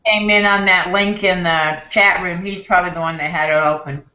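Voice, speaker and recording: A woman's voice: on the low side, fairly even intonation, brisk, pushed and bright. A woman chatting cheerfully in a group video call. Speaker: discussion group member. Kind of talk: casual chat on a video call. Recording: echoey lo-fi video call audio.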